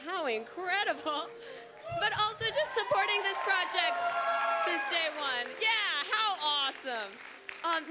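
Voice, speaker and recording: A woman's voice: mid-range voice, bright, forceful tone. Gushing young woman thanking a crowd. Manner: effusive and gushing, repeats words like incredible. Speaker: show director and producer. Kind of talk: live onstage thank-you speech. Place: theatre stage before a live audience. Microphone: handheld microphone.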